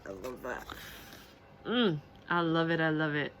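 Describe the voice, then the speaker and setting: A woman's voice: deep voice, sing-song, measured pace, fairly bright tone, a little hiss or hum. A woman reviewing a card deck on camera in a casual, gushing way, repeating herself and laughing often. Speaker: tarot and oracle deck reviewer.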